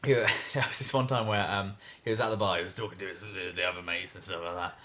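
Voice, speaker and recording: A young man chats loosely on a podcast, his voice sitting low yet sounding bright and forward. He stumbles through anecdotes with repeated words and fillers, circling back as he goes. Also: fairly even intonation. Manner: rambling storyteller, halting with many restarts. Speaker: podcast co-host. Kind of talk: casual chat.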